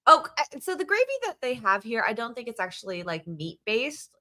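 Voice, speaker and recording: A woman co-hosting a casual live stream, animated and laughing along with the others. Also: on the high side, brisk. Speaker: stream co-host. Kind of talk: casual chat.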